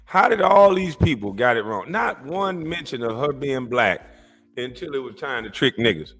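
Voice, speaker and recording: Animated indignant man reacting to clips. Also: medium pitch, normal speed. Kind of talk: casual commentary.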